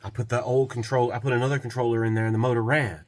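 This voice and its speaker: A man's voice: mid-range voice, flat delivery, very fast, slight background noise. A young adult man, a repair technician, telling a long customer story in a rambling, casual way. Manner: rambling, quotes others in shifting voices. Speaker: golf cart repair technician.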